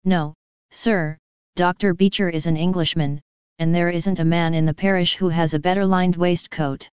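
A woman's voice: fairly low pitch, steady tone, moderate pace, a little mellow, clear, resonant tone, no echo, dull audio, lightly acted. A woman voicing a friendly, polite male station master who chats readily. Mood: chatty. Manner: polite, chatty.

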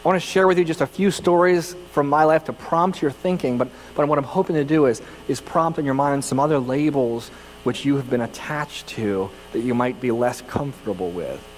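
A pastor from California preaches a sermon, telling personal stories in a conversational, self-deprecating style with frequent restarts. His voice is mid-range and a little fast. The low-quality recording has a long reverb tail and slight background noise.

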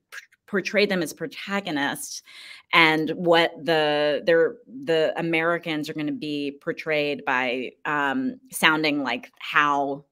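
A theater director in an interview, speaking earnestly and haltingly with frequent fillers. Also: female voice, low-pitched, fairly bright tone. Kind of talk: casual interview conversation.

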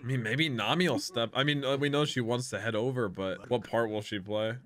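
A young man giving excited running commentary while reacting to an episode, gasping and exclaiming often. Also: mid-range voice, fairly quick, crowd noise. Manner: excitable, frequent gasps and exclamations. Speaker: anime reaction host.

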